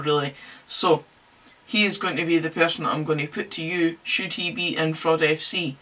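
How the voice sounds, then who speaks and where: Chatty man, bright voice, off-mic. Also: on the high side, far from the mic. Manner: chatty, jokey, wry asides. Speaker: podcast host. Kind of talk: casual solo football commentary.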